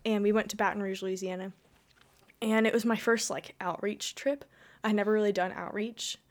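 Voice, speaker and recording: A woman's voice: mid-range voice, steady tone, a little fast. A young woman telling her personal faith story in casual conversation, rambling with lots of "like" and restarts. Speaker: guest.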